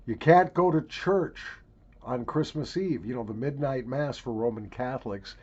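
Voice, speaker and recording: A man from Minnesota, hosting his own casual video show, wry and mock-grandiose, swinging from loud hamming to quiet musing. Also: medium pitch, normal speed, breathy edge. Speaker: vlog host. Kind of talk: casual rambling monologue to camera. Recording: dull lo-fi home video sound.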